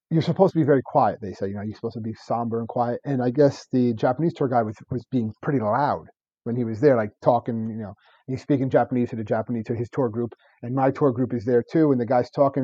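Rapid, rambling man in his thirties, mellow tone; podcast co-host, slightly muffled mic. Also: medium pitch, breathy edge, dry recording. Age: 30s. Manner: rambling, laughs often, stacks fillers. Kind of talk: casual history chat.

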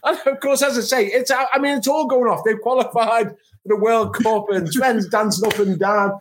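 A middle-aged man from England, a football journalist on a podcast, telling a long anecdote with animated asides and exasperated re-enactments. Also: extremely high pitch, normal speed, slight background noise. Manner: animated storytelling, acts out his own exasperation.

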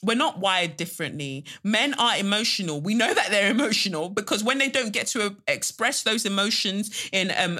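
Outspoken woman podcaster, scornful and profane, bright tone, mid pitch. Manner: blunt, scornful, swears freely. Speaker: podcast host. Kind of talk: solo podcast commentary.

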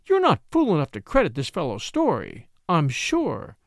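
A coarse older woman with a hard, biting voice set high, as a male narrator puts her on. She sounds sharp and insistent. The recording is dry and close. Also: wildly swooping pitch, normal speed, gravelly, dry recording, exaggerated voice.

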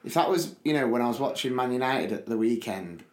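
Casual guy in his 30s, chatty podcast cohost, loud excited bits, roomy sound. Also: mid-range voice, a little fast. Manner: lively storytelling, loud bursts when acting out his shouting. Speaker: podcast co-host. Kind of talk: casual chat. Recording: roomy echo.

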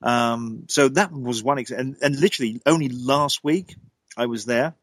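A man, a guest telling an eerie personal story in a lively, dramatic way. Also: normal speed, dry recording, poor audio. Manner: lively, dramatic storyteller with sudden pitch jumps. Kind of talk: animated anecdotal storytelling.

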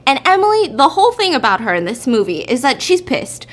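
A woman's voice: sits high, sing-song, fairly quick. A woman chatting and laughing as she retells a story while cooking in a home kitchen. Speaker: vlogger.

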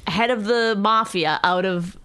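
A woman's voice: mid-range voice, measured pace, bright, forceful tone, clean tone. Teasing, exasperated woman co-host. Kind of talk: casual bickering chat.

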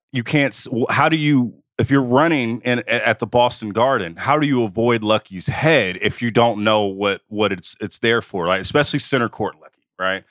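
A man's voice: fairly low pitch, a bit bright, no room sound, studio quality. A man co-hosting a podcast, telling a sports story in casual chat with lots of repeated phrases. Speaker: podcast co-host.

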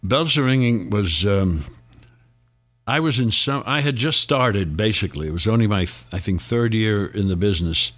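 A man's voice: lowish voice, animated, moderate pace, fairly bright tone. An older man, a guest actor, reminiscing in a casual interview, rambling through stories and chuckling often.

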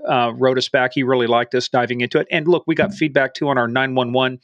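A man's voice: mid-range voice, steady tone, fast, fairly bright tone, no room sound, highs cut off. A man hosting a podcast in casual chat, playful and jokey, tossing in bits of Spanish. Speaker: podcast host.

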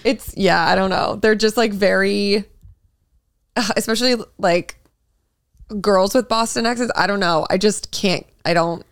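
A woman's voice: mid-range voice, measured pace, clean tone, no echo, studio quality. A woman in her twenties from Massachusetts with a slight Massachusetts accent, chatting casually on a podcast and laughing often. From Massachusetts, USA. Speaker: podcast co-host. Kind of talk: casual chat.

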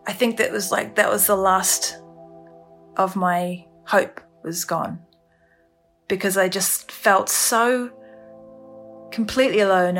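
A woman telling her own story on a podcast, halting and emotional, with many restarts. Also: medium pitch, a bit bright. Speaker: storyteller recounting her ordeal. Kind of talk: candid first-person podcast testimony.

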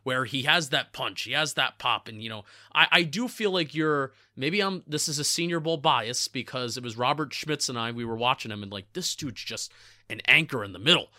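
A co-host of a football draft podcast with a New Jersey accent chats casually about sports, restarting his words often and laughing at his own slips. His voice is medium-pitched, lively, pushed and bright at a normal pace, and the recording is clean studio sound with no echo.

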